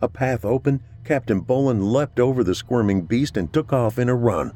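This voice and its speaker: A man giving a steady, measured scripted narration of a horror story. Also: mid-range voice.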